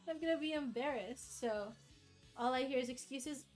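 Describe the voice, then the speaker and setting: A woman streamer chatting at her desk, her voice sitting a little high. She rambles, swears and laughs at herself, sounding tired and overheated. Faint music plays under her voice. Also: a little slow. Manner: rambling, self-deprecating, swears and laughs often. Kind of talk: casual live-stream chat.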